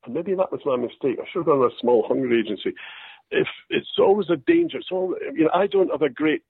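An older Scottish man, an actor, telling self-deprecating stories in a relaxed interview. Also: a little high, quick pace, creaky, breathy edge, dry recording. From Scotland. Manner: storytelling, self-deprecating, quotes others in lively voices. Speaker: actor guest. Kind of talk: anecdotal interview chat. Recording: dry tinny phone-like line.

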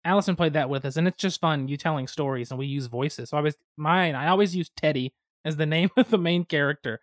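A man from the United States, co-hosting a podcast, telling board-game stories in a lively, chatty way with sudden fast bursts. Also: a little high, no echo, clean studio sound. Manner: animated storytelling, quick bursts of speed. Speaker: podcast co-host. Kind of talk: casual chat about board games.

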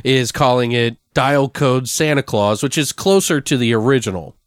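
A man's voice: medium pitch, normal speed, smooth, dry recording, clean studio sound. A man hosting a movie podcast, chatting casually and reading off cast trivia with the odd curse. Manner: casual, swears, reads off film trivia. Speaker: podcast host.

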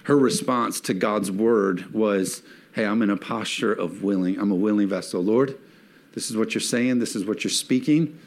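A man's voice: fairly low pitch, moderate pace. A man preaching a sermon in a church, reading scripture and rising to emphatic peaks as he calls on the congregation to respond. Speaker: pastor.

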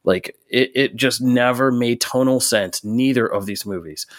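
A man's voice: mid-range voice, a little slow, dry recording. A man in his thirties co-hosting a film podcast, telling stories in a profane, ranting way during casual chat. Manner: profane, ranting, animated storyteller.

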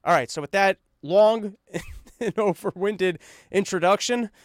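A man's voice: high-pitched, unhurried, no echo, clean studio sound. A man hosting a podcast, delivering a sarcastic, rambling comedic monologue. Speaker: podcast host.

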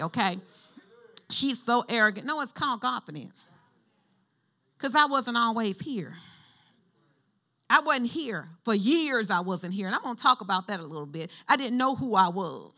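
A woman pastor preaching a sermon in a conversational style, calling out prompts for the congregation to answer. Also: a little high. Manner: lively call-and-response with the congregation; conversational, shifts between preaching and chatty asides.

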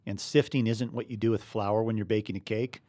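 A man's voice: on the low side, fairly even intonation, fairly quick, warm tone, dry recording. A man co-hosting a casual faith discussion, explaining earnestly and chuckling now and then. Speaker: podcast co-host.

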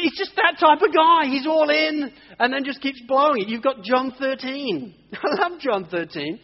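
A man preaching a sermon, telling stories with animated, acted-out voices. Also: very high voice, fairly quick. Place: church hall. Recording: dull audio, long church reverb.

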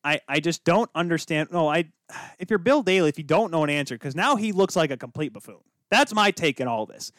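A man's voice: on the high side, animated, a little fast, a bit bright, dry recording, studio quality. A young man co-hosting a sports podcast, joking around in casual chat. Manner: goofy, joking, wrestling references. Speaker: podcast co-host.

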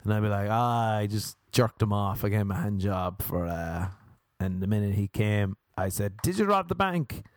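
A young man talks straight to camera in a loose, rambling comic monologue. His voice sits a little low and sounds dry and close. He is crude and jokey, tripping over and restarting his sentences as he goes. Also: expressive, normal speed, dry recording. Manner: crude, joking, rambling, with self-interrupting restarts. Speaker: vlogger.

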